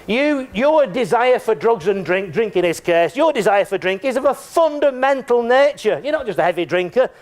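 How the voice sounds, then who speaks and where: A man voicing a stern older male psychiatrist who bluntly confronts a drinker, speaking slowly for emphasis. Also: very high voice, expressive. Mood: lecturing.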